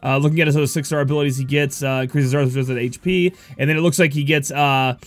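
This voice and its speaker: A man's voice: on the high side, no echo. A young man with a sniffly cold, casually reviewing a mobile game, rambling with lots of fillers as he reads out ability text. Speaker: gaming YouTuber.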